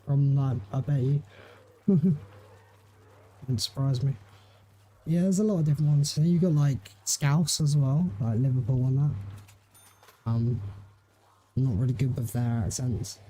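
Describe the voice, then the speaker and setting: A man's voice: mid-range voice, fairly even intonation, a little slow, pauses often, warm tone, slightly rough. A young English man chatting casually while livestreaming a game, rambling and laid-back with lots of fillers. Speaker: gaming livestreamer. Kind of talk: casual chat while streaming.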